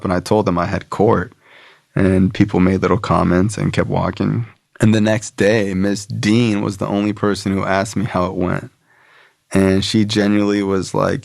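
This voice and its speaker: A man's voice: fairly low pitch, flat delivery, moderate pace, creaky, darkish tone, no room sound, studio quality. A man, a podcast guest, telling a personal story casually, rambling with many filler words.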